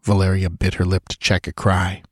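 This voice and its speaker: A man giving audiobook narration in measured, steady storytelling. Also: low-pitched, breathy edge, dry recording, studio quality.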